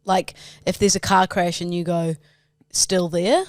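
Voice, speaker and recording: A man's voice: high voice, flat delivery, moderate pace, smooth, dry recording, studio quality. A man co-hosting a podcast in easygoing casual chat. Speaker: podcast co-host.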